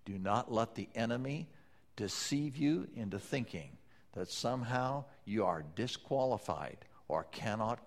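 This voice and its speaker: A man preaching a sermon, swinging between loud pleading passages and soft, low-spoken lines. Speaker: pastor.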